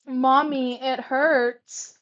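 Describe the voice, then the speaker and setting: A woman's voice: high voice, flat delivery, drawn-out words, fairly bright tone, pitched above the performer's own voice, heavily acted. A woman voicing a frightened, poisoned teenage boy in a read-aloud story, with a stutter. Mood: pleading. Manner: plain read-aloud dialogue with light acting. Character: frightened young teen boy, poisoned and pleading. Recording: muffled lo-fi recording.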